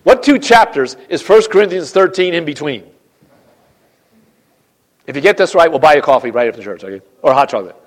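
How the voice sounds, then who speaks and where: High pitched guy preaching in church, gets loud then drops soft, repeats himself for emphasis. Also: animated, a little fast, long pauses. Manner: emphatic, swings between loud and quiet, repeats phrases. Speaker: pastor. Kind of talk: sermon.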